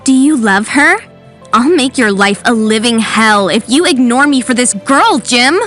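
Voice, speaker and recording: A woman's voice: a little high, animated, measured pace, a bit bright, soft background music. Woman doing Kathy, whiny jealous teen girl. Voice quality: whiny, annoying. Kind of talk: animated story voice acting.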